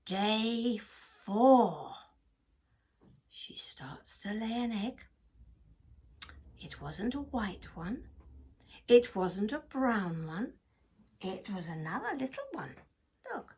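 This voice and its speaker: Slow breathy woman storyteller, dramatic whispers, children's tale. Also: medium pitch, darkish tone.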